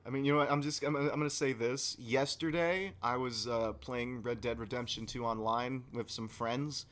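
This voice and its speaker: A man co-hosting a podcast, telling a story in casual chat and swinging from low mumbling to loud yelling. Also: fairly even intonation, moderate pace. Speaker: podcast co-host.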